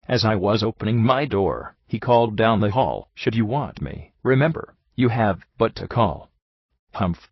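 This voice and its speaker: A man reading a first-person story aloud as an audiobook, in a measured, deliberate way. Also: on the low side, no echo, dull audio. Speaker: audiobook reader.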